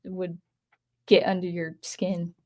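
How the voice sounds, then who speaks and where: A woman's voice: on the low side, flat delivery, slow pace, warm tone. A woman in her thirties chatting casually on a livestream as host, rambling and candid, often correcting herself mid-sentence. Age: 30s. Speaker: channel host.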